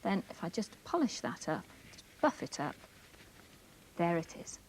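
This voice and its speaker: Welsh female presenter, animated, clear step-by-step kids' TV demo voice. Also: lowish voice, unhurried, a little hiss or hum, low-quality recording. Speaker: co-presenter demonstrating a science trick. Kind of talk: children's TV demonstration.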